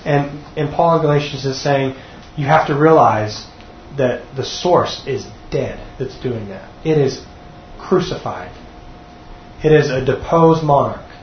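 A man's voice: mid-range voice, measured pace, slight background noise. A man teaching a sermon to a group, earnest, often repeating words as he restarts. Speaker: teacher at a church class. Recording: dull echoey room recording.

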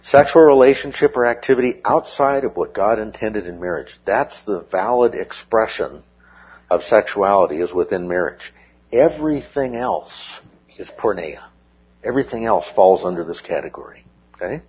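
A man teaching a verse-by-verse Bible study lesson in a measured, explanatory way, often checking in with his listeners. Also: on the low side, slightly rough, highs cut off.

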